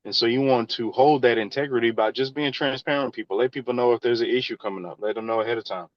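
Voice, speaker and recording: A man's voice: mid-range voice, fairly even intonation, fast talker, dry recording, highs cut off. A man, an engineer in real estate, answering interview questions in an earnest, conversational way. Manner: earnest, advice-giving, conversational.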